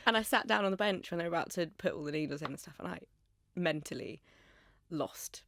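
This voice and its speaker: Chatty woman with a gravelly edge. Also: fairly low pitch, quick pace, a bit bright, no echo, clean studio sound. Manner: candid, chatty, lots of "like". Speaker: guest. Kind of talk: casual chat. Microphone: studio microphone.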